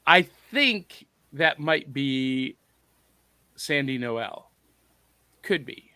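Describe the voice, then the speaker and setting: A man's voice: mid-range voice, lively intonation, very slow, sharp tone, clear, resonant tone, dry recording. A man hosting a podcast, reading out viewer comments in a playful, jokey, casual chat. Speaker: podcast host.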